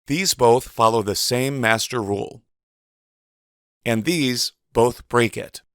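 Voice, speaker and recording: A man giving a measured, precise instructional voice-over as a teacher. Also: medium pitch, fairly bright tone, smooth, no echo, studio quality. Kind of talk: scripted instructional narration.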